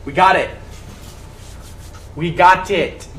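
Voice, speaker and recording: A man's voice: high voice, takes it slowly, a bit bright. A teenage boy leading a classmate through a party guessing game, bossy and giggly. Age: teens. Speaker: student game leader. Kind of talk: casual chat, party game. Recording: roomy, distant mic, faint room noise.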